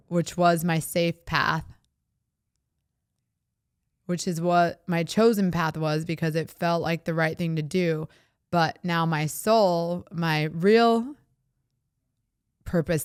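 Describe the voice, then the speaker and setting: A woman's voice: on the low side, clear, resonant tone, no echo, studio quality. A woman, hosting a podcast and speaking in a heartfelt, reflective way, often laughing as she talks. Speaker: podcast host. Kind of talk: personal reflective monologue.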